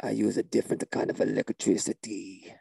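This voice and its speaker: A man playing a spaced-out, deadpan male shaman guitarist who drawls mystical non sequiturs in a gravelly, husky voice. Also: on the low side, brisk, no room sound, exaggerated voice.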